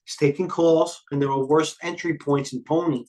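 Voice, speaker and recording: Slightly high, steady, and a bit mellow, this middle-aged trading stream host's voice carries rambling live market talk full of tangents. He's blunt and quick-witted, with the occasional curse.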